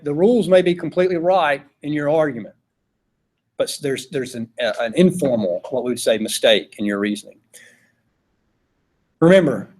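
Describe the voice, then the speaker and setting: A man with a fairly high, slightly mellow voice gives a philosophy lecture to a class. He talks in a relaxed, conversational way and puts questions to the students.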